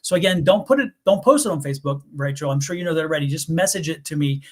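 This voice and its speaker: A middle-aged man from the US East Coast, hosting a live tarot stream and telling stories in an animated, rambling way full of restarts. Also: on the high side, quick pace. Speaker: tarot reader and livestream host. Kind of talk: casual live-stream chat.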